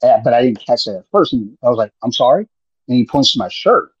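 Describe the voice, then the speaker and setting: A man's voice: mid-range voice, expressive, quick pace, slightly rough, dry recording. A man in laid-back, rambling casual chat on a podcast, swearing freely. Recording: muffled lo-fi audio.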